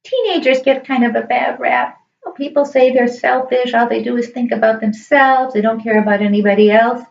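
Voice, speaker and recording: A middle-aged woman, a high school teacher, telling a personal story in an earnest, emotional, emphatic way. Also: moderate pace, gravelly. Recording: echoey room, distant dull mic.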